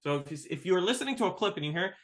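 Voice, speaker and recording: Guy teaching melodic modes over a video call, a bit high voiced, counts the notes out loud. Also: expressive, rapid-fire. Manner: sings recitation examples and counts scale notes aloud. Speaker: maqam teacher. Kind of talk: casual online workshop.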